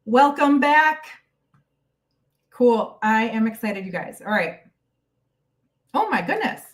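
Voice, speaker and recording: A woman's voice: fairly high pitch, animated, slow, far from the mic. A woman hosting a casual live stream Q&A from home, chatty and bubbly as she greets viewers by name, a little out of breath. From United States. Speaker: YouTube host.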